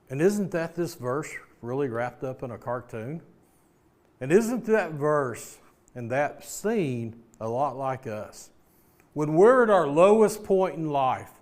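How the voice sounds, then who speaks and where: A man's voice: on the high side, darkish tone. A man giving a motivational devotional talk, retelling a story in an earnest, plain-spoken way. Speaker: speaker giving a weekly motivational message.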